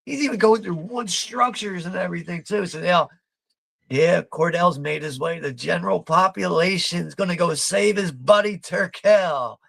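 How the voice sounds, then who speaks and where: A man's voice: high-pitched, moderate pace, creaky, fairly bright tone, no room sound. A man hosting a live watch party, commenting casually over a film, laid-back, swearing freely and laughing often.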